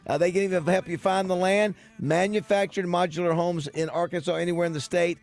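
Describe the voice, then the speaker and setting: A man hosting a casual radio show, halting and repeating words as he talks. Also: high-pitched, fairly even intonation, creaky, a little mellow, faint music behind. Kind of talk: casual sports radio banter. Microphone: studio microphone.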